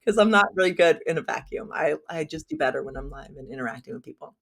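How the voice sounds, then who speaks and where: Her voice sits low and gravelly, with lively intonation, and she talks fast. She's a podcast guest whose first language is Spanish, chatting casually, poking fun at herself and using lots of fillers.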